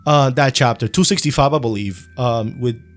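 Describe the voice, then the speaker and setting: A man's voice: medium pitch, normal speed. A young man with a Spanish accent giving a casual, rambling opinion monologue, slangy and full of ums and self-corrections. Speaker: anime commentary youtuber.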